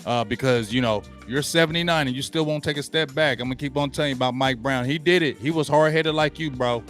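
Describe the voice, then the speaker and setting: A man's voice: medium pitch, fast talker, fairly bright tone, soft background music. Blunt, slangy man ranting about football. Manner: blunt, slangy, repeats himself for emphasis. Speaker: sports talk show host. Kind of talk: opinionated sports talk monologue.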